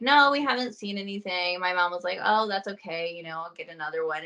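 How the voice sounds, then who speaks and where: A woman's voice: medium pitch, bright, forceful tone, poor audio. A young woman hosting a casual chat, telling stories with quoted asides and easy laughs. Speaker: host.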